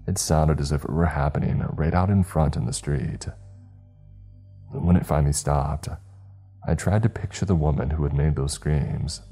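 A man narrating a scary story in a measured, hushed way. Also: a bass voice, husky. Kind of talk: scripted horror narration. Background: faint music.

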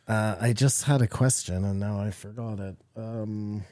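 A man's voice: fairly low pitch, steady tone, measured pace, warm tone, no room sound. A man chatting on a podcast in a loose way, sometimes losing his thread. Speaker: podcast co-host. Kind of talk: casual podcast chat.

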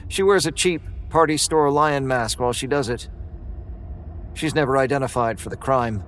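A man's voice: medium pitch, moderate pace. Grim weary man narrating horror. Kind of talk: first-person horror narration.

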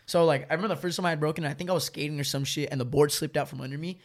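A young man rattles through a story among friends at a quick clip, his voice sitting a little high for a man. He talks in loose casual chat, swearing freely and padding his lines with filler words. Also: steady tone.

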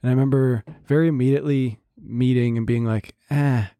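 A man's voice: mid-range voice, fairly even intonation, fast talker, dark tone, no echo. A man chatting casually, telling a dating story with lots of quoted dialogue and laughs. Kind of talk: casual podcast chat.

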